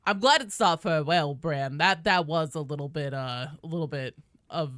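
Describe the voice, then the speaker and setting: A woman's voice: deep voice, moderate pace, fairly bright tone, no echo, clean studio sound. A woman streaming a game and chatting loosely with her viewers, swearing often. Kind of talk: casual live-stream chat.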